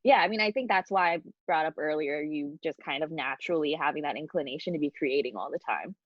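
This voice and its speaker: Female host, lower voice, chatty; dead-dry muffled video-call audio. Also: fast talker, no echo. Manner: chatty, filler-heavy. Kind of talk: casual video-call interview.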